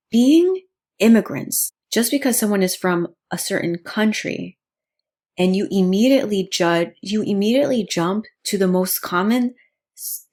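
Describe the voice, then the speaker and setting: A woman's voice: mid-range voice, darkish tone. A young woman born in the United States telling a personal story on her vlog in an earnest, indignant way. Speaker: vlogger.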